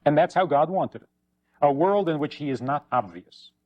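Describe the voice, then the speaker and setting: A man's voice: lively intonation, normal speed, darkish tone, no room sound, dull audio. A man, a rabbi, giving a teaching talk, telling stories and acting out the voices of the people in them. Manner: storytelling, acts out quoted voices with rising pitch.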